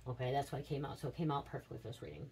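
Late 30s woman, low voice, talks fast, rambly chatty psychic reading, swears a lot. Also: expressive, gravelly, noisy background. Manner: rambling, confiding, swears casually. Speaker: tarot reader. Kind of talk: casual psychic reading chat.

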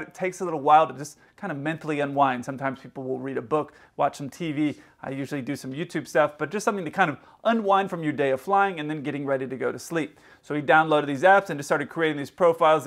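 A middle-aged man, an airline pilot, telling stories from his job in a relaxed, rambling vlog style, with restarts and quoted dialogue. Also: fairly high pitch. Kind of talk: casual storytelling vlog.

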